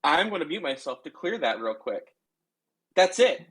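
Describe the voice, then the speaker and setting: A man with a husky, fairly high voice and a throat tickle that makes him sound slightly nasal. He co-hosts a casual podcast, defending himself and lecturing in a bickering chat. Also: sing-song, normal speed, fairly bright tone, rough recording. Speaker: podcast co-host. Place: remote call, own room.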